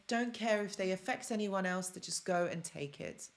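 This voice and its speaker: A woman's voice: medium pitch, moderate pace, hardly any pauses. A woman hosting a live stream, talking casually and emphatically to her viewers. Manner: emphatic and excitable, addressing viewers directly. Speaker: host of a live stream on toxic relationships.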